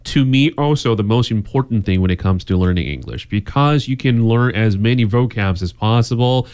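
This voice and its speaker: A man's voice: lowish voice, expressive, moderate pace, darkish tone, clean tone. Earnest man co-hosting a radio show. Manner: earnest, thoughtful, with some hesitant restarts. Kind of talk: radio talk show conversation.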